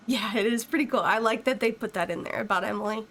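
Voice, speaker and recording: A woman with a high, bright-pitched voice streams a game playthrough, chatting casually with viewers. She laughs easily and rambles in a friendly, chatty way, with faint background noise underneath. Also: quick pace, hardly any pauses. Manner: chatty, giggly, reads in-game texts aloud. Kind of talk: casual live-stream chat over gameplay.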